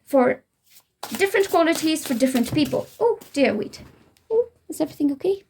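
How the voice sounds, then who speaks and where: A young Indian woman with an Indian English accent, giving a gentle, reassuring spiritual tarot reading straight to the listener. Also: sits high, big pitch swings, fairly quick. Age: young adult. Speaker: tarot reader.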